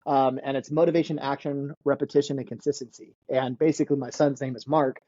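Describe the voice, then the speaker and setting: A man talks as a podcast guest in a casual, excitable way, tripping over repeated words and laughing. His voice sits at an ordinary pitch. The sound is dull and lo-fi, with no room echo at all. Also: fast. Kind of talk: casual interview chat.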